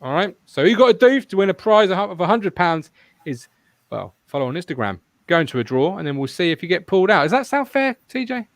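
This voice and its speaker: A man's voice: high-pitched, sing-song, quick pace, no room sound. A man hosting a casual football fan podcast, rambling and swearing freely as he chats. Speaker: podcast host.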